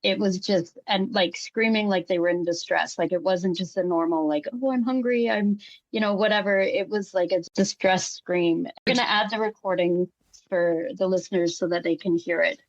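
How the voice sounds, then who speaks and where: A woman's voice: fairly low pitch, fairly even intonation, normal speed, dry recording. A woman hosting a podcast who talks casually and outspokenly and swears freely. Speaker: podcast host. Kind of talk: casual conversation. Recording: dull, dry lo-fi mic.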